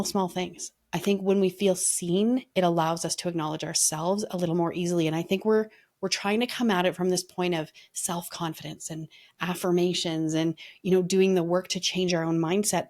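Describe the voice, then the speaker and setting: Woman coach chatting on a podcast, earnest and reflective, kinda low voice. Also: fairly even intonation, moderate pace, few pauses, a little mellow. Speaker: guest, leadership coach. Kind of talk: casual podcast conversation.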